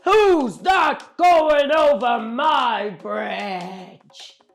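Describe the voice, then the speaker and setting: A woman voicing a mean, nasty male troll who lives under a bridge, shouting slowly and loudly. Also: medium pitch, big pitch swings, faint music behind. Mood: angry. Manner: loud, slow, shouting threats.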